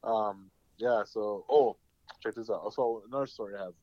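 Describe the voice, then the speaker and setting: A man's voice: fairly low pitch, normal speed, no room sound. A man telling a long story in casual chat, rambling and profane, full of fillers. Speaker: podcast host. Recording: dull lo-fi dry sound.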